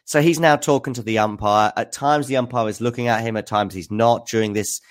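A man's voice: medium pitch, steady tone, brisk. A man hosting a live tennis news recap, chatting with viewers in a hesitant, filler-heavy way. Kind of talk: live-stream commentary recap.

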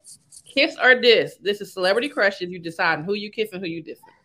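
Upbeat woman host, lively pitch, casual talk. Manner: upbeat, runs segments with quick questions. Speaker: show host. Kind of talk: casual interview chat.

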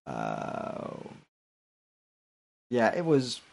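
A man's voice: fairly low pitch, wildly swooping pitch, extremely slow, vocal fry, darkish tone. A man hosting a casual late-night podcast stream, hesitant and full of fillers and restarts. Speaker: podcast host.

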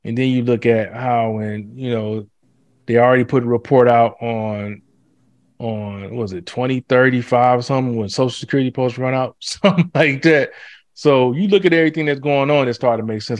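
A man's voice: medium pitch, a little fast, no room sound. Guy ranting casually on a podcast, cusses a lot, dry close sound. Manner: animated, swears freely, acts out quotes. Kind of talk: casual chat.

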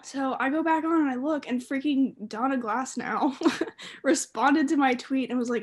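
This podcast co-host, a woman from the Southern United States, chats casually while telling a story with lots of giggles. Her high, husky voice moves at a moderate pace. Animated and full of fillers, she laughs often.

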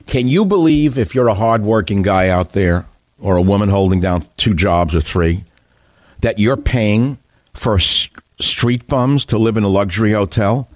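Scornful man with a low voice. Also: unhurried, dry recording. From United States. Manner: combative, scornful, emphatic. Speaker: radio talk show host. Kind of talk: political talk radio monologue.

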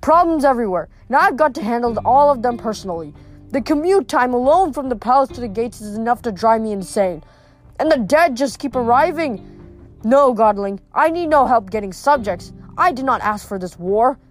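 An imperious male underworld god, as a woman reader puts him on, bellowing and aggrieved, swinging between complaint and threat. The voice sits fairly high for such a lord. Soft music plays underneath. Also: animated, moderate pace, lightly acted.

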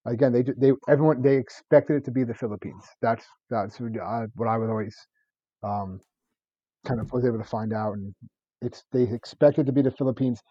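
A man's voice: medium pitch, brisk, husky, no echo, highs cut off. A man co-hosting a podcast, telling stories in rambling casual chat with many restarts and laughs. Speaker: podcast co-host.

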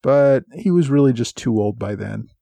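A man's voice: mid-range voice, expressive, moderate pace, creaky, mellow, no room sound. A man hosting a history podcast, reading thanks and notes in an earnest, explanatory way. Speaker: podcast host. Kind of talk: scripted podcast narration.

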